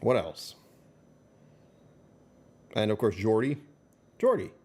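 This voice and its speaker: A man's voice: lowish voice, sing-song, slow pace, a little mellow, husky. A middle-aged man streaming live, rambling through casual chat with his viewers and chuckling often. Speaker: livestreamer.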